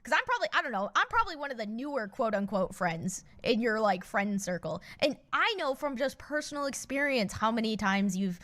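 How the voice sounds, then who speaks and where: A woman's voice: a little high, very animated, fairly quick, few pauses, fairly bright tone. A woman talking earnestly and rambling about friends in a casual online chat. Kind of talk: casual chat on a played clip.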